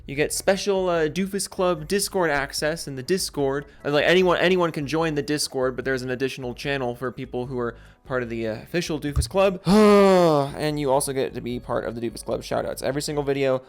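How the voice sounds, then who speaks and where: A man hosting a gaming commentary channel, ranting angrily and sarcastically with plenty of swearing, then reading out member shoutouts in a jokey way. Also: on the high side, fairly quick, few pauses. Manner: angry, sarcastic, profane, jokey.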